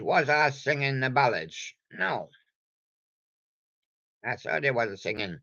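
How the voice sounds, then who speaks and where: A man's voice: medium pitch, sharp tone, muffled recording. An older man rambling playfully to himself in a meandering solo monologue. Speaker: vlogger.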